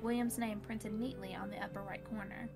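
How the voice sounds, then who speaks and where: A woman's voice: medium pitch, fairly even intonation, fairly quick, gravelly, over music. A woman reading a visual novel aloud to friends. She narrates playfully and breaks off to joke.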